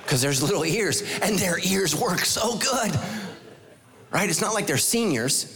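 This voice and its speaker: A male pastor delivering an energetic sermon in a large church auditorium. His voice sits high and swings widely as he pelts the congregation with rhetorical questions and playful asides. A long reverb trails every phrase. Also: measured pace, faint music behind, a faint crowd. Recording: long echoey hall reverb.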